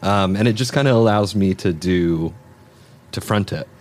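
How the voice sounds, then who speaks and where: A man's voice: sits low, moderate pace, a little mellow. A man, a musician guest on a podcast, chatting casually in a laid-back way that trails off and restarts. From Southern Oregon, United States. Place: lodge room.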